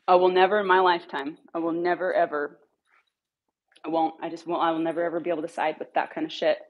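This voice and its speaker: A woman with a low, husky voice tells a story straight to her followers. She is blunt and heated and swears freely. She runs a dog rescue and trains dogs. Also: level tone, quick pace, highs cut off.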